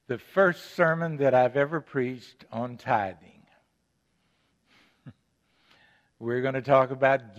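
Older preacher in an echoing, dull-sounding church. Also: male voice, medium pitch. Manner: earnest, stresses key words, repeats phrases. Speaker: pastor. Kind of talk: sermon. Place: church sanctuary.

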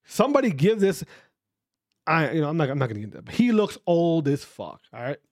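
A man's voice: a little high, big pitch swings, brisk, no room sound, clean studio sound. A man hosting a podcast, ranting casually, swearing a lot and repeating himself. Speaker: podcast host. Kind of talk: casual profane podcast rant.

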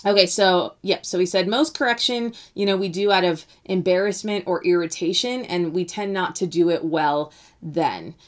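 Woman host in her thirties, low-pitched, relaxed conversational delivery with ums and restarts. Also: moderate pace. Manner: conversational, many fillers and restarts, quotes the author. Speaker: podcast host. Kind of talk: casual talk about a parenting book.

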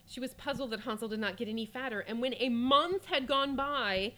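A woman podcast host reading a fairy tale aloud, breaking off for lively, laughing asides. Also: fairly high pitch, brisk.

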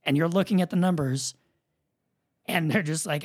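A man with a husky, slightly breathy voice pitched a bit high for a man, talking loosely on a podcast. He muses out loud, restarting sentences as he works through ideas in a recording room. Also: normal speed. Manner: musing, thinks aloud with restarts. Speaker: podcast co-host. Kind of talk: casual podcast chat.

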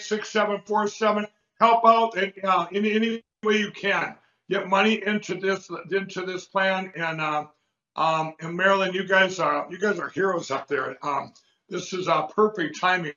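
A fired-up male host pushes his audience with rapid, repeated urgent appeals. His voice sits high and sounds bright and forceful. The audio is roomy and echoey, with a dull lo-fi quality. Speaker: show host. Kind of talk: urgent call to action.

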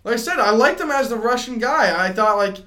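A young man co-hosting a casual podcast, rambling with lots of "like" and growing animated as he rants. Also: very high-pitched, brisk. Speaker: podcast co-host. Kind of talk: casual wrestling chat. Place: small studio. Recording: echoey room.

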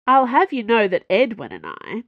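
A woman doing a smooth, confident pilot. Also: a little high, wildly swooping pitch, moderate pace, dry recording, muffled recording, voice pushed up. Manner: smooth, self-assured.

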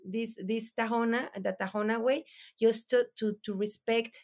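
Mexican woman with halting English. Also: on the high side, steady tone, a little mellow. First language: Spanish. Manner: halting, searching for words, many restarts. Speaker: mezcal producer. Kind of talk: interview answers.

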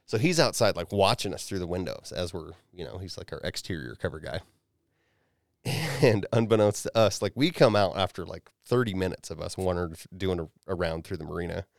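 In a dry, clean studio recording, a podcast host with a low, gravelly voice speaks briskly. He recounts a story in loose conversation, cursing a lot and performing the quoted lines with plenty of energy.

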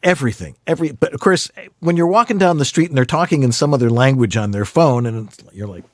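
A man's voice: medium pitch, fast, no echo, clean studio sound. A man hosting a casual interview, rambling and playful as he asks questions. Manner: rambling, animated, playful asides. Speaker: podcast host.

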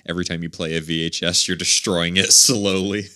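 Bright, low-voiced joking man. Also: level tone, moderate pace, dry recording, studio quality. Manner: jokey, laughs often. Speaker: podcast co-host. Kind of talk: casual chat.

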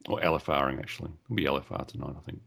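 Man, very deep voice, podcast co-host, hesitant rambling chat. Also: fairly even intonation, rapid-fire, vocal fry, a bit bright, slightly rough. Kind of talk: casual gaming podcast chat.

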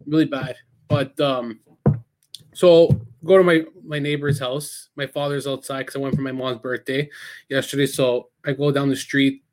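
A man chatting casually on a podcast, telling animated stories with a lot of energy and plenty of swearing. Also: mid-range voice, moderate pace. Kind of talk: casual chat.

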